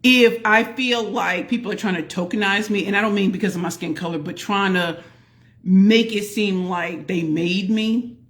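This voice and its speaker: A woman hosts a casual live stream as a pitch coach, speaking at a moderate pace in a folksy way. She greets viewers by name and calls out to the audience as y'all.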